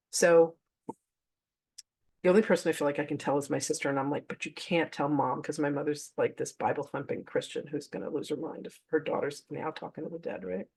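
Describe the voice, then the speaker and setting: A woman's voice: sits low, normal speed, creaky, a little mellow, breathy edge. Woman running a spiritual class, super casual and frank, laughs a lot, tells her own stories. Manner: chatty and candid, laughs often, swears offhandedly; addresses the audience directly. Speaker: spiritual teacher leading a masterclass. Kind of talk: casual teaching mixed with personal storytelling.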